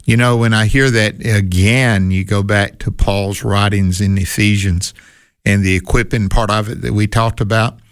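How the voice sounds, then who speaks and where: A man's voice: fairly low pitch, steady tone, moderate pace, clear, resonant tone, no echo, studio quality. A man co-hosting a Bible-teaching talk, emphatic and asking questions that he answers himself. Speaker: co-host.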